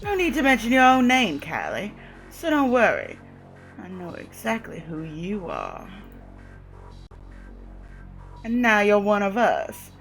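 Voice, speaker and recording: A woman reading the lines of a smug, theatrical male vampire preacher, slow and emphatic, over faint music. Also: medium pitch, huge pitch swings. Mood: smug, teasing. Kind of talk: reading game dialogue aloud.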